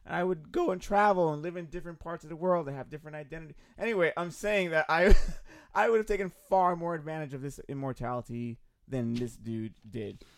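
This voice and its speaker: A man's voice: on the high side, a little fast, gravelly, dry recording. A middle-aged man talking animatedly in a casual discussion, laughing often and swearing freely. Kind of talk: casual chat.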